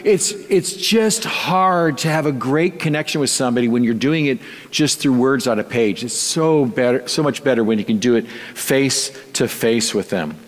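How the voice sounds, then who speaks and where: A man's voice: mid-range voice, moderate pace, few pauses. A male pastor preaching a sermon in a conversational, storytelling way with light touches of humor. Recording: long reverb.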